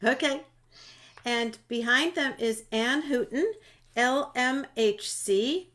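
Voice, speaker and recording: A woman's voice: fairly high pitch, fairly bright tone. A woman moderating a panel discussion over a video call, chatty and friendly, with fillers and restarts.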